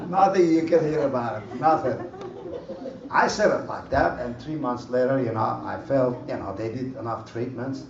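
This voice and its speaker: A man giving an animated personal testimony at a church conference, in broken English. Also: mid-range voice, a little slow, gravelly. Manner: animated storytelling, broken English, laughs often. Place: conference hall. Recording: roomy hall, far mic, dull lo-fi, faint noise.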